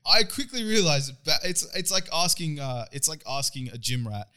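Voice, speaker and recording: Irish-born guy cohosting a podcast, bright voice, laid back and teasing. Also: a little high, normal speed. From Ireland. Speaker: podcast co-host. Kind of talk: casual banter with swearing.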